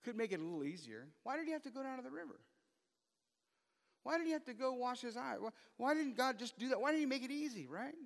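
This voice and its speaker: Bright high-voiced preaching man in a hall. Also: very animated, quick pace, creaky. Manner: asks the audience many rhetorical questions. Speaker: pastor. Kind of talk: sermon. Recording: long reverb of a hall.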